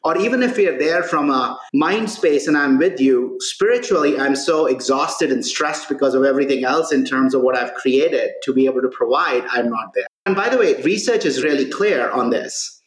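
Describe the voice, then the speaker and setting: Earnest male podcast guest in roomy echo. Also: mid-range voice. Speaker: guest, author and consultant. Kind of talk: conversational podcast storytelling.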